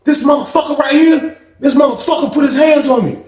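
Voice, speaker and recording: Brief: man doing a hurt, furious inmate, pitched up high, shouting, in a roomy space. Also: a little fast. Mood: outraged. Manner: high-pitched, yelling, outraged. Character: angry young man, cellmate, bloodied and upset. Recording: echoey room.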